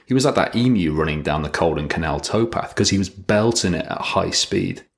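A man's voice: sits low, brisk, gravelly. A man in his thirties hosting a solo podcast, chatting in a wry, rambling way. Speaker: podcast host. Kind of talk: casual solo podcast monologue.

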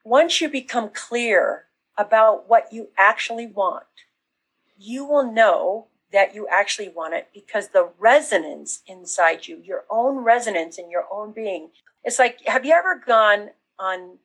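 A woman business coach talking casually in an interview, acting out excited reactions as she explains. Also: fairly high pitch, moderate pace, rough recording. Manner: animated, acts out quoted reactions.

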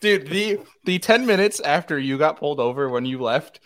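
A man's voice: a little high, lively intonation, normal speed, a bit bright. A man hosting a casual fishing chat, reading out scores, teasing his friends and laughing often. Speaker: host.

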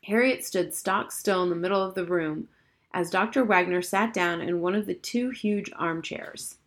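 A woman reading a children's novel aloud in an even, measured storybook narration. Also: lowish voice. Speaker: audiobook narrator.

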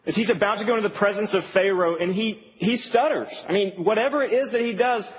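A young adult man preaching a sermon in a casual, animated, humorous way in a church hall. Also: high-pitched, fast. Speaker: pastor. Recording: reverberant hall, faint ambient noise.

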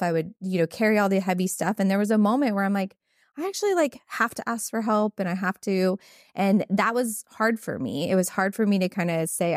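A woman's voice: mid-range voice, no echo, studio quality. A woman veterinarian telling candid stories in casual conversation, with many fillers. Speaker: podcast host, veterinarian.

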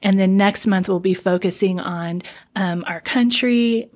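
A woman who works as a trauma counselor, speaking earnestly in a casual podcast interview and slowing down to stress her points. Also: medium pitch, darkish tone. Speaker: trauma counselor and center founder.

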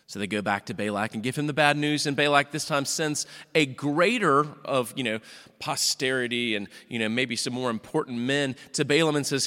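A man preaches in a church, telling a Bible story with animated asides and quick character voices. His voice is bright and forceful. The sound carries a long reverb from the sanctuary. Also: medium pitch. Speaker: pastor. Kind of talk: sermon retelling a Bible story.

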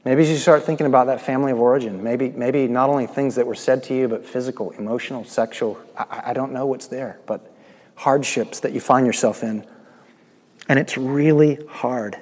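A man's voice: medium pitch, fairly even intonation, fairly quick. Preaching man in a reverberant hall. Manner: swings between loud proclamation and soft, hushed asides. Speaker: pastor. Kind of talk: sermon.

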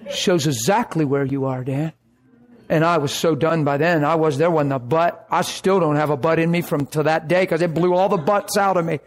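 A man preaching and telling a personal story in an animated way, acting out the voices of others. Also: on the high side. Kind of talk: sermon storytelling.

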